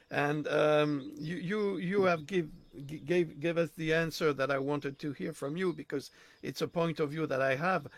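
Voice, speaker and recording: A man's voice: a little high, no echo. A man speaking as a panelist, repeating himself and searching for words. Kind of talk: discussion monologue.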